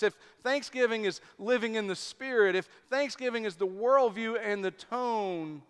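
A high-pitched man preaching slowly, with a smooth, clear voice. His deliberate, emphatic delivery rings through a big hall with a long echo. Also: fairly bright tone. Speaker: pastor. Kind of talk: sermon.

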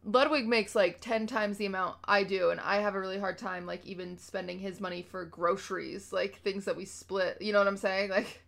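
A young woman telling stories in casual chat as a podcast co-host, acting out quotes with lively energy. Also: mid-range voice, moderate pace, gravelly, hardly any pauses. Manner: chatty storyteller, acts out quotes animatedly.

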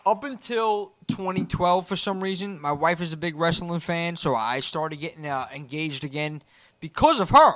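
Brash new york guy, high voice. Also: normal speed, no echo. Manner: profane, rambling, excitable. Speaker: wrestling podcast co-host. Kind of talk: casual podcast banter.

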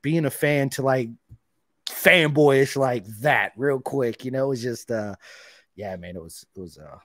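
A man hosting a podcast, chatting casually and excitably, dropping "dude" and "man" throughout. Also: medium pitch, a little slow, no room sound, clean studio sound. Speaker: podcast host. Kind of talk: casual interview chat.

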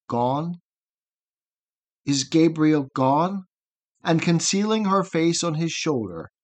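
A man narrating an epic poem for an audiobook, reading in a measured, rhythmic way. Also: fairly high pitch.

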